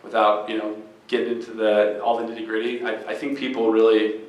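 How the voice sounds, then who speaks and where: A man's voice: on the low side, monotone, brisk. A man who founded a startup speaks earnestly to a live event audience. He tells a story with many restarts. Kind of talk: live fireside chat. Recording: echoey room.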